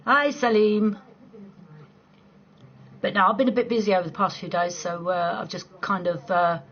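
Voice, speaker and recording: A woman's voice: medium pitch, fairly even intonation, normal speed, a bit bright. A woman in her forties hosting a casual late-night chat with viewers, laughing often, swearing freely and rambling through restarts. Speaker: live stream host chatting with viewers. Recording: dull lo-fi stream audio with faint noise.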